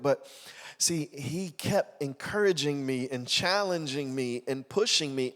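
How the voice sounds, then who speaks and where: Man, young adult pastor, animated storyteller, slightly higher voice, long church hall reverb. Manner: animated storytelling, acts out quotes loudly. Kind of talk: sermon with a personal story. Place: church auditorium.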